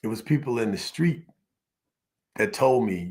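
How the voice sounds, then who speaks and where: A man's voice: medium pitch, fairly quick, vocal fry. A man giving a motivational business talk, storytelling in an emphatic, repetitive cadence and calling on the audience to repeat after him. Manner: emphatic, call-and-response with audience. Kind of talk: motivational speech.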